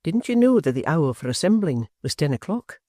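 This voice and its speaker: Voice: medium pitch, big pitch swings, brisk, mellow, no echo, studio quality. An audiobook narrator voicing a zealous nobleman who speaks grandly and with self-satisfaction. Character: zealous lordly political leader.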